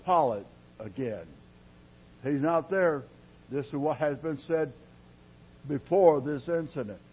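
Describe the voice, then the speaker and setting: A man preaching a sermon in a dramatic style, dropping to a hush and then rising loud, drawing his words out slowly. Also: fairly high pitch, slightly rough. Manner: dramatic preaching with sudden loud rises and quiet drops; slow, drawn-out delivery. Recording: dull lo-fi sermon recording.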